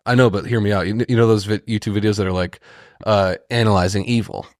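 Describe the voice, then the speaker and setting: A man co-hosting a podcast, telling a long story in casual chat and swearing freely; he is a little sick and slightly hoarse. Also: lowish voice, fast talker, no room sound, studio quality. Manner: animated storyteller, swears a lot, mimics voices. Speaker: podcast co-host.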